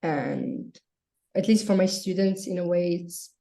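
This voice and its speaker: A woman with an Italian accent, a guest teacher in a casual chat, lively and quick to laugh. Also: on the low side, creaky. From Italy. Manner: lively, laughs often, short phrases. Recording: echoey room.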